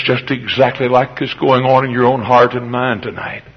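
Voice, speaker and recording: A man preaching a revival sermon at a church service, hammering repeated phrases and swinging between loud shouts and hushed tones. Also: medium pitch, steady tone, normal speed, few pauses. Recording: dull lo-fi recording.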